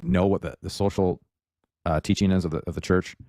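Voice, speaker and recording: A man, a Catholic commentator, speaking in a measured, explanatory way on a talk show clip. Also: deep voice, fairly even intonation, a little mellow, no room sound, studio quality.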